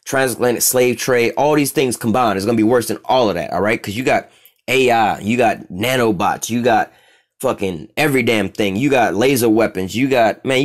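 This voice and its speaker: A man teaching scripture in a loose street style, profane and rambling, constantly checking in with "all right?". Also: mid-range voice.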